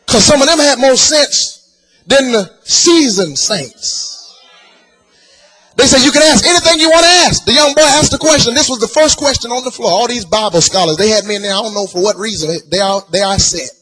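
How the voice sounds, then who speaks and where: Preacher man, high husky voice, singsongy sermon, soft music underneath. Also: expressive, normal speed. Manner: sing-song chanting cadence with call-and-response questions.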